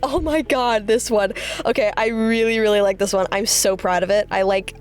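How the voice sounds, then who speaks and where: A woman artist casually talking through her drawings, chatty and rambling, with excited high-pitched bursts. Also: a little fast. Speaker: artist vlogger. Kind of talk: casual art commentary.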